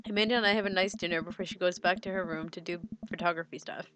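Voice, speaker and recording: A woman's voice: fairly low pitch, fairly even intonation, fast talker, a bit bright. A young woman streaming a dating game, reading its text aloud in a giggly way, often tripping over words and correcting herself. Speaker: gaming streamer.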